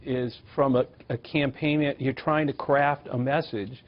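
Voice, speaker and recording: Male strategist, medium pitch, measured explaining, dull lo-fi broadcast sound. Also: steady tone. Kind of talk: TV panel discussion.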